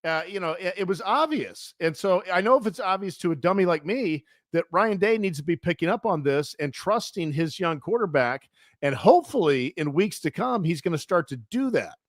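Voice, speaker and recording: A man's voice: high-pitched, animated, moderate pace, no echo, studio quality. A man co-hosting a sports podcast, giving blunt opinions in casual chat with many fillers. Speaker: podcast co-host.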